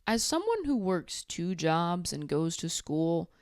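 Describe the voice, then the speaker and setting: A young woman with a lively, bouncing voice, recapping a dating show with sarcastic, animated commentary. She often slips into quick impressions of the people on the show. The sound is close and dry, with no room in it. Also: on the low side, dry recording. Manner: sarcastic, animated, acts out quotes.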